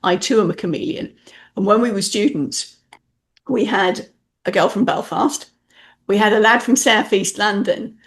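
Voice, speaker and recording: A woman's voice: mid-range voice, moderate pace. A woman from the UK hosting a podcast interview, telling stories in a playful, chatty way. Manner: animated storyteller, playful. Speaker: podcast host, message clarity specialist. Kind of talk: casual interview chat.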